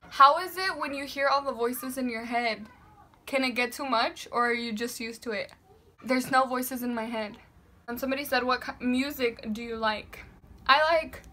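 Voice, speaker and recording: A young woman vlogger answering viewer questions in a loud, chatty, sassy way. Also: fairly high pitch. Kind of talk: casual Q&A vlog.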